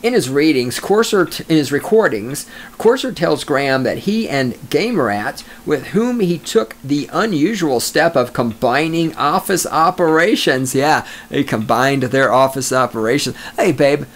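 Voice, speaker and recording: A man's voice: on the high side, animated, normal speed, few pauses. A male podcast host reading news stories and mocking them with crude jokes, often breaking into laughter. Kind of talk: sarcastic news commentary.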